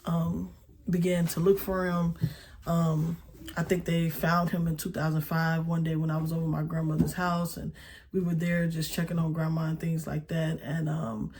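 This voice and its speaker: Woman, 30s, personal testimony, hesitant, many pauses, flat monotone pitch. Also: a little hiss or hum. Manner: halting, hesitant, full of pauses and fillers. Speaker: speaker sharing a personal testimony.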